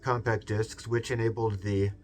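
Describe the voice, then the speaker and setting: A man's voice: on the low side, little pitch movement, moderate pace. A man with a Seattle accent hosting a video essay in a rambling, digressive monologue full of fillers, musing aloud. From US West Coast.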